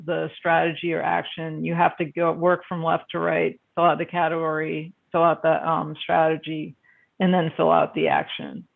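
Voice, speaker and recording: A man presenting a spreadsheet survey on a video call, halting with many fillers and restarts. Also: a little high, gravelly. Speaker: meeting presenter. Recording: phone-like band-limited video call audio.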